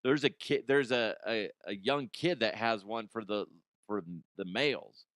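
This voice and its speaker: A man's voice: lowish voice, a little slow, a bit bright, dry recording, clean studio sound. A man hosting a comedy podcast, ranting in a profane, mocking way. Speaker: podcast host. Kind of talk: comedic rant.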